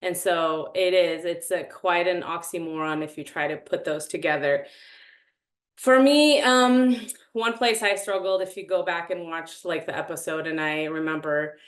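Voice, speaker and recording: A woman in her thirties sharing her experience in a casual, animated, self-dramatizing way. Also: on the low side, moderate pace, echoey room. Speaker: reality show contestant. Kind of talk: casual group chat.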